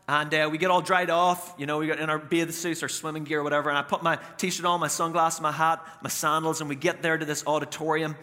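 A man's voice: on the high side, bright, forceful tone. A man with an Irish accent, preaching a sermon and telling a humorous, self-mocking story in a large church auditorium. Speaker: pastor. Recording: reverberant auditorium.

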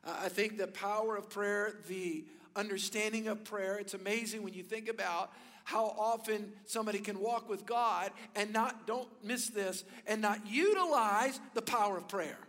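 A male pastor preaching a sermon, telling stories with animated delivery and building to emphatic peaks. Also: high-pitched, moderate pace, big-room sound.

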